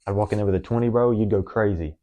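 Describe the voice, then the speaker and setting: A man's voice: on the low side, fast talker, phone-quality sound. A young man makes an emotional, rambling personal confession to the camera, full of fillers and restarts. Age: young adult. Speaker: vlogger.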